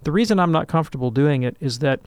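Man, slightly high voice, gravelly, animated lecturing, dry close sound. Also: quick pace, dry recording. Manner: animated, lecturing, tags points with "right?". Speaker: guest answering a listener's question. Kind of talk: call-in radio discussion.

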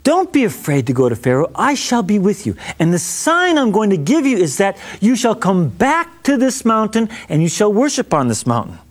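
A man's voice: sits high, wildly swooping pitch, normal speed, few pauses, exaggerated voice. A man voicing an insistent, commanding God. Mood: reassuring.

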